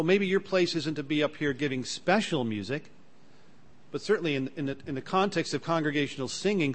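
A man preaches a sermon in a plain, earnest teaching tone, using fillers between points and occasionally restarting. When he reads scripture aloud, his pitch and volume rise.

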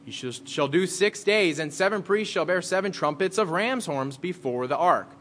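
A pastor giving a conversational sermon, reading scripture aloud and then explaining it in plain words. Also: male voice, sits high, animated, moderate pace, fairly bright tone.

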